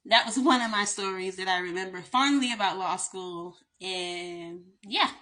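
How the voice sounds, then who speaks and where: A woman's voice: medium pitch, moderate pace. A woman with a Southern accent and a slight lisp, a lawyer telling stories in a chatty storytime vlog. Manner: chatty, animated storytelling with light laughs.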